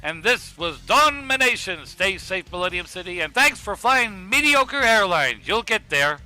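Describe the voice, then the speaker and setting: Brief: man playing a sharp, high, lively viking host for a cartoon. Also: a little slow, soft background music, full character voice, rough recording. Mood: showy. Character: brash male viking fight host.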